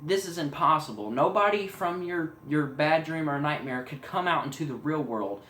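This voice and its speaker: A flustered, worried mother in a spoken horror story, quoted by a man in his own voice. The voice sits fairly high and rings in an echoey room. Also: moderate pace, pushed and bright, slight background noise. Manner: plain quoted speech in a storyteller's voice.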